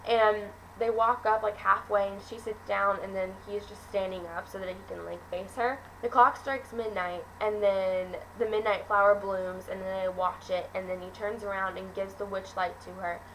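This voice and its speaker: A teenage girl with a middle-pitched voice talks through a film review in a loose, gushing way, full of "um" and "like" and self-corrections. A faint hiss of background noise sits under her voice. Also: steady tone, moderate pace, few pauses, a bit bright, rough recording. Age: teens. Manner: gushing, rambling with many fillers and restarts. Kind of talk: casual chatty review.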